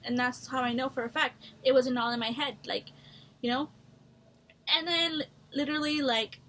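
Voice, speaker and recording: A woman's voice: sits high, fairly even intonation, normal speed, pushed and bright. A young woman chatting through a personal story for her vlog, blunt and full of swearing. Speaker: vlogger.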